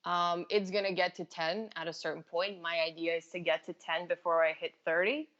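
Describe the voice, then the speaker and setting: A woman in her twenties, a native Serbian speaker, chatting as a guest in a relaxed, matter-of-fact way. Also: fairly low pitch, a little fast. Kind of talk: casual chat. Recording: dull lo-fi audio.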